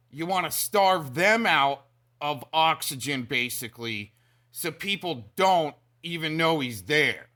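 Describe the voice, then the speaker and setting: Man, casual stream commentator; slow, searching delivery and a brightish, fairly high voice. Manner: slow, halting, loses words.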